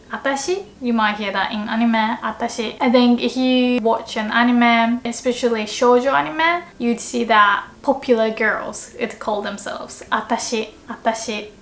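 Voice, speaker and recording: This is a woman teaching a casual language lesson. Her voice sits slightly high, and she talks in a lively way, now and then slipping into cute character voices to show an example. The room around her rings with a clear echo.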